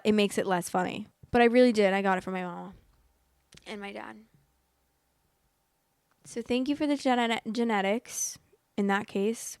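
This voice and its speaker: A woman's voice: medium pitch, clean tone, dry recording, studio quality. A young woman hosting a casual vlog, chatty and rambling, laughing at her own jokes. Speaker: host. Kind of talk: casual chat reading and reacting.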